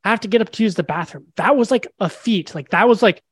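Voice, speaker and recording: A young man appears as a podcast guest, telling a story animatedly in a casual interview and acting out the dialogue. His husky voice is high and quick, with no echo.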